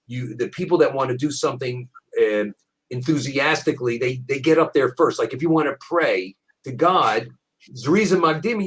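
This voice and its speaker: A man, a rabbi, teaching a Bible passage in conversation, animated, repeating words as he restarts. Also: mid-range voice, low-quality recording. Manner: animated storyteller with frequent restarts.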